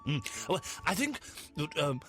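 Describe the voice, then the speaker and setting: A man hosts a comic radio phone-in from the studio and swings widely in pitch as he jokes. His voice sits fairly high and sounds bright and forceful. Soft music plays underneath. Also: a little slow. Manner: lively, mock-posh, swearing asides. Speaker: radio host.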